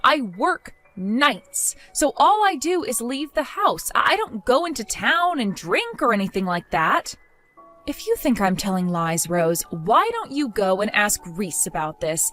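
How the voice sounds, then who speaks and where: A woman's voice: a little high, big pitch swings, measured pace, a bit bright, soft background music. A young woman voicing a hardworking wife who defends herself with exasperation. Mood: defensive. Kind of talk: text-story voice acting.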